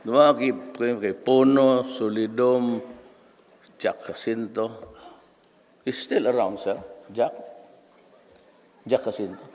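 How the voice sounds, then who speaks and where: A man's voice: mid-range voice, fairly even intonation, takes it slowly, pauses often, darkish tone. A man in his seventies with a Filipino accent giving a humorous, rambling commencement speech full of anecdotes. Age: 70s. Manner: rambling, anecdotal, switching between languages. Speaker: commencement speaker. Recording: long reverb of a large hall.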